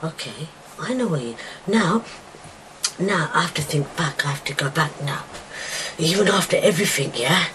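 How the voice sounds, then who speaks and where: A middle-aged woman giving a raw, emotional personal account to her daughter, swearing and acting out old arguments, swinging from loud outbursts to hushed whispers. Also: deep voice, lively intonation, moderate pace, noisy background. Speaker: mother telling her daughter her story.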